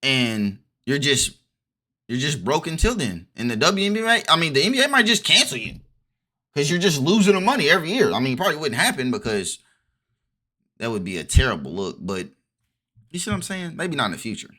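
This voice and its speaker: A man's voice: a little high, big pitch swings, brisk, sharp tone. A young man in a heated, repetitive commentary rant for his vlog, restarting his sentences often. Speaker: vlogger.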